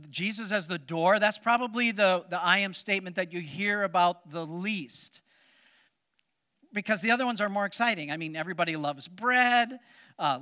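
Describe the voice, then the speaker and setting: A man's voice: high-pitched, pushed and bright. A man preaching a sermon to a congregation as pastor, joking with corny puns and speaking emphatically, with many fillers. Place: church service before a congregation.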